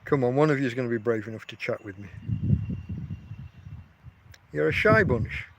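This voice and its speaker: A man's voice: mid-range voice, normal speed, gravelly, fairly bright tone, a little hiss or hum. A man, chatting casually and rambling on a livestream from outdoors. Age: 50s. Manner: rambling, chatty, often restarts his sentences. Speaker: livestream host.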